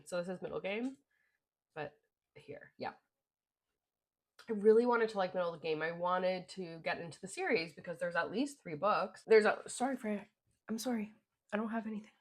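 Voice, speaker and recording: A young woman reviewing her reads in a loose, rambling chat, leaning on filler words as she goes. Her voice sits a little low for a woman. She sounds like a vlogger talking straight to her viewers. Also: a bit bright. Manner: chatty, rambling with many "like" fillers. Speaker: book vlogger. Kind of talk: casual book review chat.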